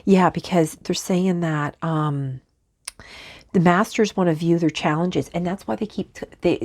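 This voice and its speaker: Speaking in a slightly low, darkish voice, a woman who lives in Canada talks through a spiritual channeling session. She stumbles, restarts and rambles, breaking off again and again to respond to unseen spirits.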